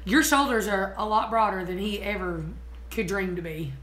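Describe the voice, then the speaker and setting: A woman chatting casually on her vlog, giggly and excitable. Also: medium pitch, normal speed. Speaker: homesteading vlogger. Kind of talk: casual chat.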